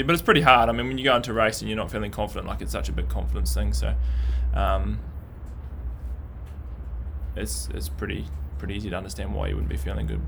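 Gravelly low-voiced Kiwi man. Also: background noise. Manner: thoughtful, hesitant, many fillers. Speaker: downhill racing pundit. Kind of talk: casual chat.

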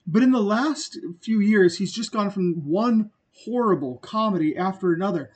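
A man with a notably high-pitched voice trades casual, profane movie opinions as a podcast co-host. He talks bluntly and with plenty of enthusiasm. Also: expressive, normal speed, a little mellow, slightly rough. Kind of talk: casual movie-review chat.

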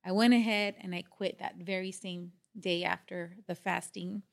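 A woman pastor telling her faith testimony as a podcast co-host, animated, laughing often and acting out the voices of others. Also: on the low side, normal speed, vocal fry. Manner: animated storyteller, acts out quotes, laughs often. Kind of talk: testimony in casual podcast chat.

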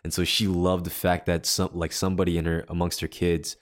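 A man's voice: low voice, flat delivery, a little fast. A man co-hosting a faith podcast, earnestly telling a personal story in casual chat and acting out what others said. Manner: earnest, acts out quoted dialogue. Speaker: podcast co-host.

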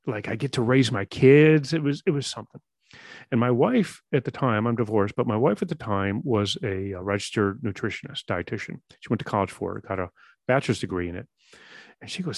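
A middle-aged man telling a personal story in an earnest, halting way, often repeating words as he goes. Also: lowish voice, no echo.

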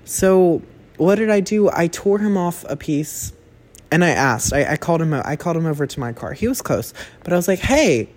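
Young man, somewhat high-pitched, casual solo podcast talk, rambling, self-correcting, swears freely. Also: a little fast, darkish tone. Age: young adult. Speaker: podcast host.

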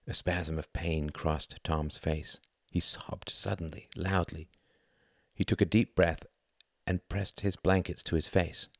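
Deep, slow-reading male narrator. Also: flat delivery, no room sound, studio quality. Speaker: audiobook narrator. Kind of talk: audiobook narration.

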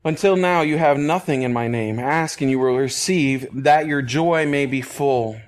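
A man preaching as a pastor, reading scripture and explaining it in an earnest, emphatic way, sometimes dropping to a hush or laughing softly. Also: mid-range voice, measured pace. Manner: earnest, emphatic, with soft laughs and hushed phrases. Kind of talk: expository Bible teaching.

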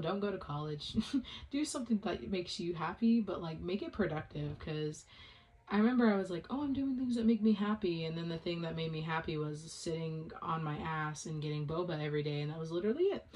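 A woman's voice: deep voice, darkish tone. A young adult woman hosting a casual solo podcast from home, rambling with lots of fillers and casual swearing. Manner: rambling, full of "like" and "um", swears freely. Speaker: podcast host.

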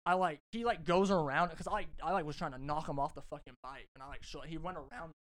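A man's voice: fairly high pitch, fast talker, slight background noise. A young man hosting a casual podcast, telling a long rambling story with lots of swearing and restarts. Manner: rambling, animated, swears a lot, many restarts. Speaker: podcast host.

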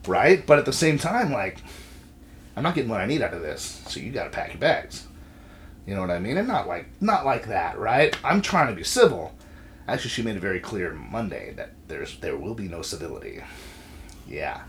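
A man's voice: fairly low pitch, moderate pace, slight background noise. A man in his thirties in casual, profane conversation, telling stories about family with lots of swearing. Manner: animated, swears freely. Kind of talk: casual chat.

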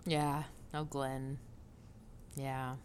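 A woman co-hosting a podcast in casual chat, giggly and animated, laughing often. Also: very deep voice, extremely slow, a little hiss or hum. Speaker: podcast co-host.

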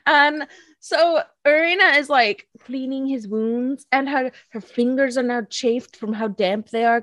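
A woman's voice: sits high, unhurried, fairly bright tone, no echo. A woman co-hosting a podcast in casual chat, giggling often and acting out quotes in silly voices. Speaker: podcast co-host. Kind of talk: casual chat recapping an anime episode.

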